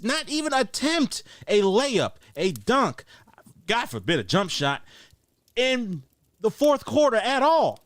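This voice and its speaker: A man rants about his team on a sports podcast, stressing every point and circling back to hammer it again. His voice sits a little high and the recording is close and dry. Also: no room sound. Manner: emphatic, repetitive, rising to near-shouting on points. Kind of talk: heated sports talk rant.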